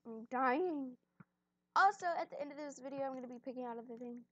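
A young woman with a slightly high voice talks through her game in a rambling, self-deprecating way, sometimes chewing as she speaks. The recording is dry and a little dull, as if made on a modest home mic. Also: rapid-fire, pushed and bright, no room sound. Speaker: gaming channel host. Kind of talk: casual gameplay commentary. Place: at home, on a bed.

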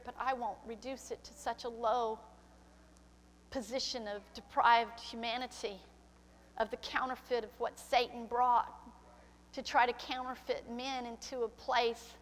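A woman's voice: a little high, a bit bright, long reverb tail, slight background noise. An older woman pastor preaching a sermon, emotional and tearful, slipping into prayer. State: crying. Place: church sanctuary.

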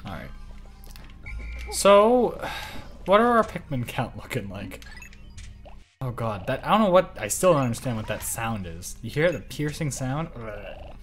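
An excitable, jokey man hosting a livestream and giving casual commentary while he plays a game. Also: medium pitch, faint music behind. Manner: excitable and jokey, quick to yell. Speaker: livestream host.

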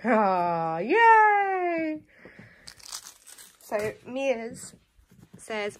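A woman's voice: mid-range voice, animated, a little slow. A young woman filming at home, cooing to her baby and dogs in a sing-song baby-talk voice. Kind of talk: home video chat. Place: home indoors. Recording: faint background noise.

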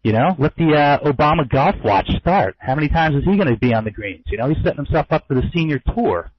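A man's voice: on the high side, lively intonation, quick pace, breathy edge, no echo, muffled recording. Chatty man giving loose market commentary. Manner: loose and conversational, many fillers, wry asides. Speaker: forex trader and trading educator. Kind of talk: casual market commentary webinar.

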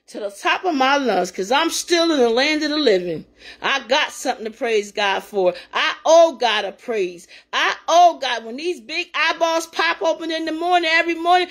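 An older woman with a fairly high voice gives a spontaneous testimony and sermon. She talks with fervor and often breaks into shouted praise between her plain talk. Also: expressive, moderate pace. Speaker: talk show host giving encouragement.

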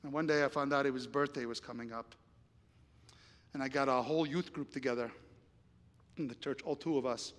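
A man's voice: mid-range voice, fairly even intonation, fairly quick, pauses often. A male pastor preaching a sermon, telling a story and acting out the dialogue, then building to emphatic appeals. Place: church sanctuary. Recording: long church reverb.

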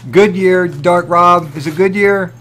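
Excitable, cursing man hosting a live stream. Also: high-pitched, a little slow. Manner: excitable and profane, laughs often, greets chatters by name. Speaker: livestream host. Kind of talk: casual live-stream chat, reading viewer messages.

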